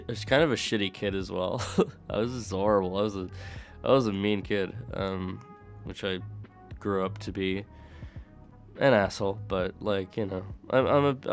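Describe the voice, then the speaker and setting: A young man who grew up in the UK, talking in a mixed American-sounding accent, chatting casually on a stream, rambling and laughing, with light swearing. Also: lowish voice. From United Kingdom. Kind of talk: casual chat to live chat.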